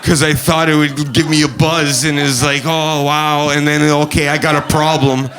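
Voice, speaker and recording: A man doing stand-up comedy on a club stage, with a halting, nervous delivery full of fillers. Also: fairly high pitch, flat delivery, a bit bright, a faint crowd.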